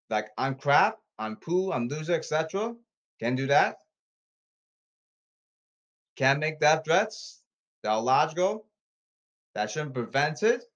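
A man rambling to his audience, reading rules off his phone and repeating himself insistently, with halting restarts. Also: fairly high pitch, a bit bright. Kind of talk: rambling monologue to camera.

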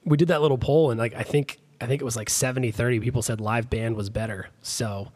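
A young man chatting casually on a podcast about his wedding plans, rambling and self-deprecating with quick asides. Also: medium pitch, fairly even intonation, darkish tone. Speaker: podcast guest, groom.

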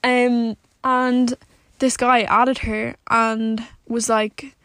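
Young woman, sitting in her car, blunt, swears a lot, says "like" constantly, slightly high voice, dry close sound. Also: level tone, a bit bright, clear, resonant tone, no echo. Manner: blunt and exasperated, swears a lot, fills every pause with "like". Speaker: vlogger. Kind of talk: casual rant to camera.

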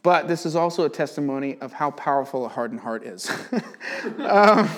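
Higher-voiced man telling a faith story. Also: moderate pace. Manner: animated storyteller, chatty with many "like" fillers. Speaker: Bible teacher. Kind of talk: casual teaching with personal testimony.

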